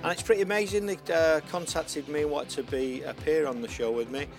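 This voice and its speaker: A man's voice: fairly high pitch, steady tone, fairly quick, soft background music. A man hosting an online radio show, chatting casually with fillers and restarts. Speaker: podcast host.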